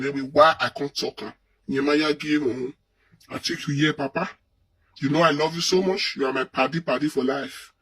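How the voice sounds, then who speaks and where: A man's voice: on the high side, fairly bright tone, breathy edge, distant mic. An actor with a Nigerian accent playing a distraught man who pleads and argues, then wails a chanted lament in a Nollywood film. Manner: pleading and quarrelsome, later wailing a chanted lament.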